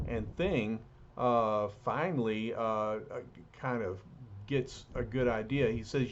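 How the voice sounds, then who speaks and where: Guy reading a comic out loud, lots of uhs, slow, muffled audio. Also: mid-range voice. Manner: halting, many fillers and restarts. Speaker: comic book reader. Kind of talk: casual comic book read-aloud. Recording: dull lo-fi recording.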